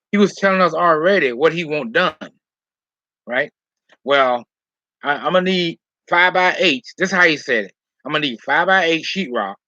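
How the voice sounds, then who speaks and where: Rambling man, bright tense voice, lo-fi. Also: fairly high pitch, dry recording. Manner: rambling, repeats "all right?" and "okay?", heated when retelling. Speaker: vlogger telling a personal story. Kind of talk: casual storytelling monologue. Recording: dull lo-fi sound.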